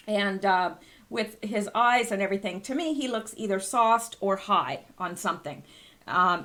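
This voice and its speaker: A woman's voice: medium pitch, fairly bright tone. A woman hosting an online commentary show, reading news aloud with scornful, incredulous remarks. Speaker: channel host.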